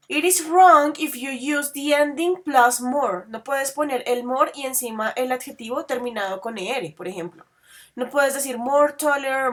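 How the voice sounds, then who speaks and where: A woman teaching an English grammar class, patiently quizzing students and spelling out word endings slowly. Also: high-pitched, a bit bright.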